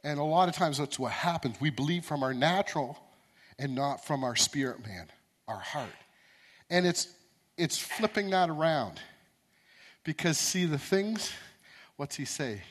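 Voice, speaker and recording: A man's voice: on the high side, animated, a little slow, long pauses, fairly bright tone. A man preaching a sermon, earnest and repetitive, building to emphatic peaks.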